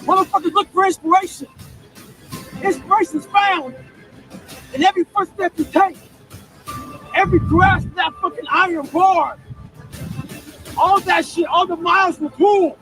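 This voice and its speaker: Very high-voiced man shouting motivation. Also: normal speed, long pauses, music in the background, rough recording. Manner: shouted, forceful, profane. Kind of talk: motivational speech.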